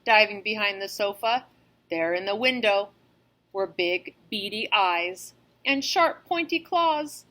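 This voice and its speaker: A woman reading a children's storybook aloud in an expressive, animated way, as a teacher. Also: mid-range voice, takes it slowly.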